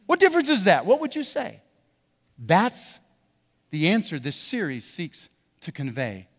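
A man preaching a sermon as pastor, telling a story in an animated way and building to emphatic points. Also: sits high, unhurried, big-room sound. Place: church sanctuary.

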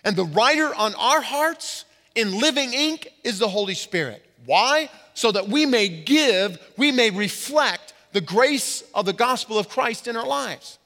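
A pastor giving a sermon to his congregation, leaning hard on key words and slowing down to stress them. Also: very high-pitched, lively intonation, bright, forceful tone. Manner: emphatic preaching with slow stressed words. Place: church sanctuary. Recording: reverberant hall.

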